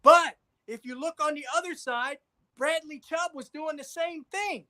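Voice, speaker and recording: A man's voice: very high-pitched, unhurried, sharp tone. A man co-hosting a casual sports talk show, insistent, repeating himself and checking agreement with "right?". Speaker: podcast co-host.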